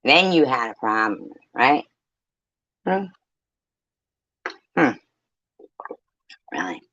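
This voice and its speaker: A woman's voice: extremely low pitch, very animated, extremely slow, fairly bright tone, no room sound. A woman streamer talking to her viewers in a blunt, heated, profane rant. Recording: dull, lo-fi, dry mic.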